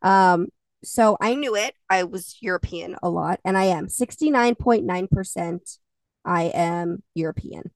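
A woman's voice: on the low side, unhurried, no room sound, distant mic. A young adult woman co-hosting a podcast in casual chat, laughing often and swearing offhandedly. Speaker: podcast co-host.

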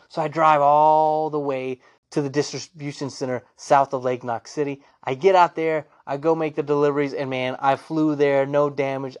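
A man hosting a gaming show, telling stories about his playthroughs with enthusiasm. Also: fairly high pitch. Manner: animated, enthusiastic storytelling. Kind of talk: casual solo gaming talk.

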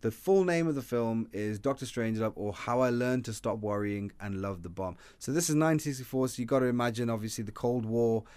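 A man's voice: mid-range voice, fairly quick, hardly any pauses, darkish tone, smooth, dry recording. A man co-hosting a casual film review chat, rambling with many restarts and fillers. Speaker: podcast co-host.

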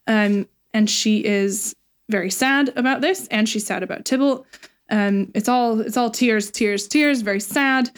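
A woman casually retelling a play's plot in a chat, with laughs and irreverent asides. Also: medium pitch. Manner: chatty, laughing, paraphrases lines irreverently. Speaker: podcast co-host retelling a play.

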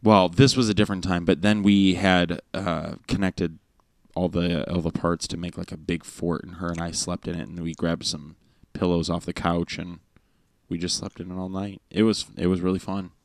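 A man's voice: sits low, flat delivery, moderate pace, no echo. A man, a father and podcast host, telling casual family stories in a rambling way, full of fillers and restarts, recorded close on a microphone. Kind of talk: casual storytelling chat. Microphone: studio microphone with headphones.

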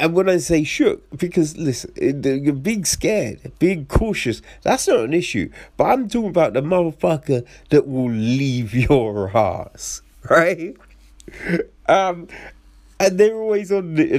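A young man in a casual, rambling rant about films, swearing often, restarting sentences and asking incredulous rhetorical questions. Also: a little high. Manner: profane, rambling, frequent restarts.

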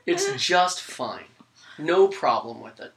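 A podcast co-host in a casual movie discussion, dry and wry with quick bursts when making a point. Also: mid-range voice, wildly swooping pitch, vocal fry, a bit bright, slight background noise. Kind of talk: casual chat about movies.

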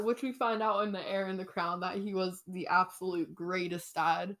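A woman's voice: on the low side, steady tone, moderate pace, few pauses, fairly bright tone. A young woman chats about a book on a podcast with a friend. She leans on "like" and keeps slipping into the characters' voices as she retells scenes. Her laughter keeps breaking in. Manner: giggly, says "like" a lot. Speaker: podcast co-host. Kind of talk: casual book chat.

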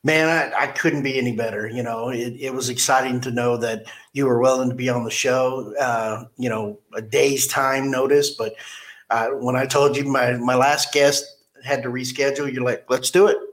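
A man's voice: mid-range voice, steady tone, normal speed, a bit bright. A middle-aged man hosting a podcast, talking bluntly in a rambling, storytelling way with many restarts. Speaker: podcast host. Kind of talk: casual podcast chat.

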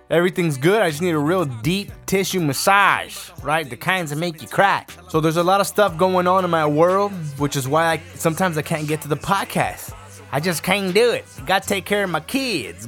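A man's voice: on the high side, fairly bright tone. A man hosting his own podcast, talking solo in a blunt, profane, ranting way. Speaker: podcast host. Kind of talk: casual solo podcast rant.

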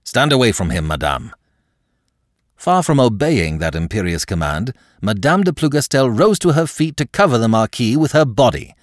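A man narrating a classic novel in a dramatic, expressive way. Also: mid-range voice, moderate pace, hardly any pauses, no room sound, studio quality. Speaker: audiobook narrator.

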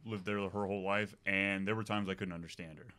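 Deep-voiced, opinionated podcast co-host man. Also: steady tone, fairly quick, bright, forceful tone, smooth. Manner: enthusiastic, opinionated. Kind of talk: casual movie podcast chat.

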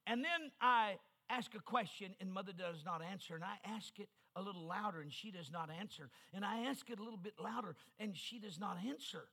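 An older man from New Mexico preaching at a revival. His voice sits high and has a sharp, cutting edge. He drives his points home with emphatic repetition. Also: a little fast, few pauses. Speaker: guest preacher. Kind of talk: revival sermon.

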